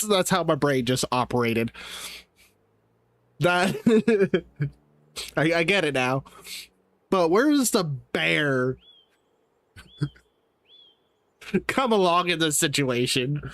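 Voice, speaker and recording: Slow-talking, higher-voiced male streamer. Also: no room sound. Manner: animated, incredulous, laughs often. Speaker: live-stream gaming host. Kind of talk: casual live-stream chat.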